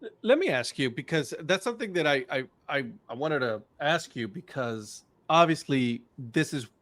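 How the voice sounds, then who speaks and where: A man's voice: fairly high pitch, lively intonation, normal speed, a bit bright, no echo. A man co-hosting a podcast, chiming in with jokes and asking follow-up questions in casual chat. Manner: joking interjections and follow-up questions. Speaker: podcast co-host.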